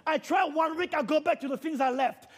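A man preaching a sermon in a church, moving from quiet storytelling to loud, repeated calls to the congregation. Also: very high-pitched, a little fast. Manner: builds from quiet storytelling to shouted, repetitive exhortation.

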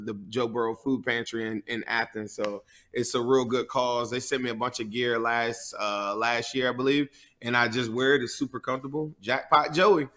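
A man's voice: mid-range voice, bright, forceful tone. Easygoing American man, chatty sports fan. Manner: easygoing, chatty, many fillers. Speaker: podcast host guest. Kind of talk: casual sports chat.

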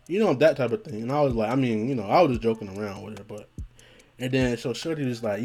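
A man's voice: medium pitch, animated, quick pace, a little mellow. A man telling a personal story in a casual monologue, joking and swearing and often laughing as he acts out what was said.

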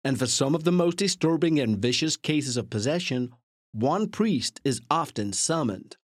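A man voicing a grave, dramatic male trailer narrator, reading slowly in a shaky mock American accent. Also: fairly high pitch, lively intonation, slightly rough, dry recording, studio quality. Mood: ominous.

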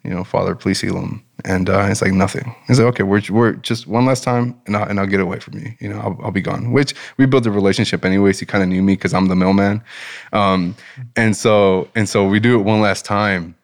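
A man guest telling a personal story in a casual interview, animated and enthusiastic, with a relaxed manner. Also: low voice, a little fast, gravelly. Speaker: business owner and guest.

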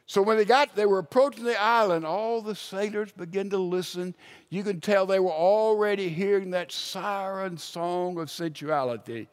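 A preacher with a somewhat high voice tells stories from the pulpit. He swings between loud emphasis and hushed, quiet lines as he builds his point. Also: normal speed, smooth. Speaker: pastor. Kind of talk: sermon.

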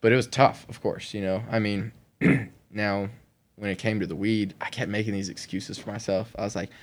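A man as a podcast guest, telling an emotional personal story in an animated way, with frequent laughter and many "like" fillers. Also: on the low side, normal speed. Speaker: guest sharing his conversion testimony.

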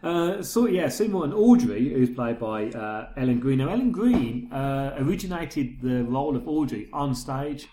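A man's voice: mid-range voice, lively intonation, moderate pace, few pauses, mellow, roomy sound. A man chatting casually about films as a podcast co-host, rambling and correcting himself often. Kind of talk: casual film chat.

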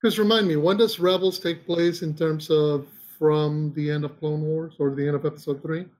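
A man's voice: on the high side, steady tone, moderate pace, darkish tone. A man co-hosting a casual podcast chat, rambling with restarts and searching for names as he talks. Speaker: podcast co-host.

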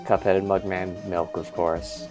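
Man, podcast co-host, rambling comedic recap, lowish voice, faint music behind. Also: level tone, unhurried. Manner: rambling, voices characters in quotes. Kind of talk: comedic movie pitch recap.

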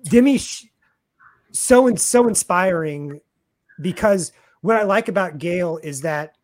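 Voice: medium pitch, animated, a little slow, darkish tone. A radio show host casually interviewing a guest, rambling and repeating words while thinking aloud.

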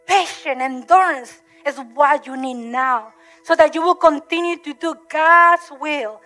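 Woman preacher, high and bright, English, repetitive emotional sermon cadence, faint music under. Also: unhurried, low-quality recording.

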